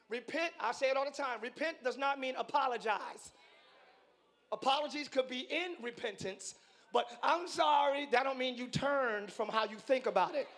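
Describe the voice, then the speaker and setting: A pastor preaching a live sermon to his congregation, excitable and playful, swinging from quiet asides to shouting and teasing the crowd. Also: very high-pitched. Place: large church hall.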